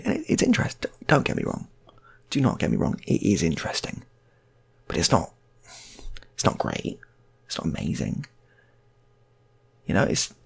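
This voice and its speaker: A man's voice: medium pitch, gravelly, breathy edge. A man telling an improvised comic story, chatty and full of rambling asides.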